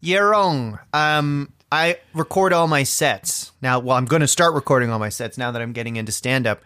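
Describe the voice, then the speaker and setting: A man's voice: mid-range voice, normal speed, sharp tone. A man co-hosting a comedy podcast, boastful and defensive, swearing as he bickers with his partner. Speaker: podcast co-host. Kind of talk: comedic banter.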